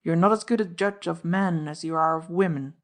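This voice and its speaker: A woman's voice: lowish voice, a little fast, natural voice. A woman voicing a defiant young Englishman who is posing as a cockney chauffeur, in an audiobook reading. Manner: defiant, sneering.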